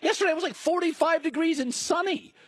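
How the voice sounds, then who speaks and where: A man's voice: very high voice, no room sound. Emphatic, mocking sports-talk man. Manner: emphatic, mocking, rapid-fire lists. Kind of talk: heated sports debate.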